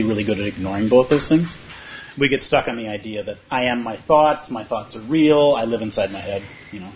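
A man's voice: mid-range voice, slight background noise. Male meditation teacher, reflective answers, medium voice, slightly muffled recording. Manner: thoughtful, searching, affirming. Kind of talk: dharma talk Q&A.

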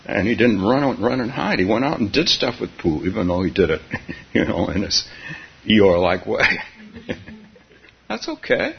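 A man giving a dharma talk as a meditation teacher, soft-spoken and halting, often laughing gently between phrases. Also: fairly low pitch, vocal fry. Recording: dull, slightly hissy recording.

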